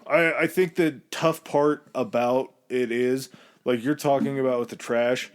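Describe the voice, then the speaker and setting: An easygoing man with a mid-range voice, co-hosting a podcast. He chats casually and works through his ideas out loud, with frequent ums and uhs. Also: medium pitch, fairly even intonation, measured pace, clean tone. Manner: easygoing, thinking aloud with "um" and "uh". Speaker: podcast co-host. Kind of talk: casual chat.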